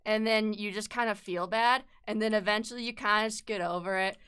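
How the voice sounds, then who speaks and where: Bright, clear-voiced woman streamer chatting. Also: mid-range voice, steady tone, brisk. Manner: rambling, self-deprecating, swears casually. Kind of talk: casual live-stream chat while drawing.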